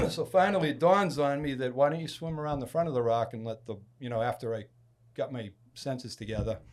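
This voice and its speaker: A man from Massachusetts tells a long story on a podcast in a casual, chatty way. His voice sits at an ordinary middle pitch, and he swings it widely to act out the people he quotes. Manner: animated storyteller, acts out quoted speech with loud bursts. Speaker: podcast guest.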